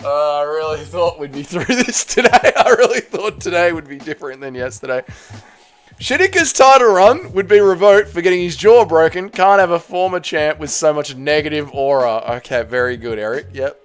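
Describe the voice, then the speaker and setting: A man's voice: on the high side, lively intonation, normal speed, faint music behind. A young Australian man with an Australian accent hosting a live stream, reading chat messages aloud and answering with blunt, jokey, foul-mouthed banter. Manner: blunt, jokey, swears freely, calls people mate and brother.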